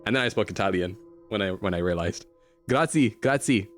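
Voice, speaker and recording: A man's voice: low voice, fairly even intonation, quick pace, faint music behind. A man streaming a video game, chatty and playful, laughing often as he talks to his chat. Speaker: livestreamer.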